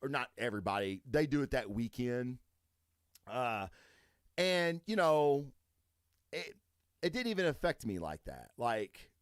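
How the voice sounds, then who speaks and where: A man hosting a solo podcast in a casual, profane rant that swings from low mutters to loud, high, emphatic bursts. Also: no echo, clean studio sound. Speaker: podcast host.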